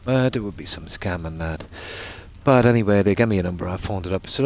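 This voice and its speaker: A man's voice: low voice, fairly quick, creaky, a little mellow, a little hiss or hum. A man streaming a game, chatting casually and telling long rambling stories. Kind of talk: casual chat while gaming.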